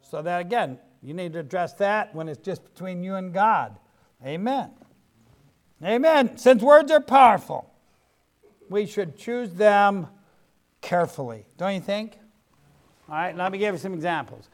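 A man's voice: sits high, expressive, unhurried, pauses often. A middle-aged man preaching a sermon in a folksy way, dropping frequent amens to the congregation. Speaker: pastor.

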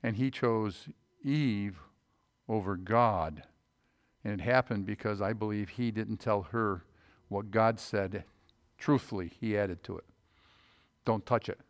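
A man preaching a conversational sermon, folksy, often asking the room rhetorical questions and swinging between loud emphasis and quiet low asides. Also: unhurried. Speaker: pastor.

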